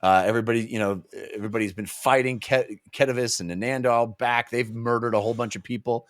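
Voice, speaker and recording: A man's voice: mid-range voice, fast. A man co-hosting a podcast, animatedly recapping chapters in a casual book club chat. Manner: animated recapping, acting out lines. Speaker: podcast co-host.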